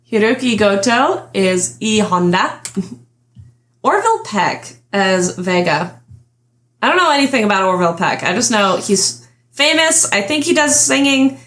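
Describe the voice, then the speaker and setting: A woman's voice: mid-range voice, a bit bright. A young adult woman hosting a casual podcast chat, chatty and giggling often as she trails off and restarts her thoughts. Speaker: podcast host.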